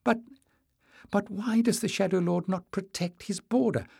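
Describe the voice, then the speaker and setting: A man voicing a timid young man who speaks in a high, trembling voice. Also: sing-song, extremely slow, dark tone, husky, no echo, studio quality, exaggerated voice. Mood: anxious.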